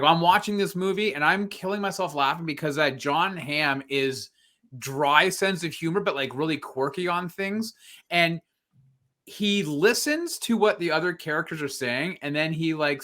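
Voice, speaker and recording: Upbeat podcast guy gushing about a movie, bright tense voice, pitched a bit high, rambly. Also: normal speed. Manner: rambling, animated, laughs often. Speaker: podcast host. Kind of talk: casual movie review chat.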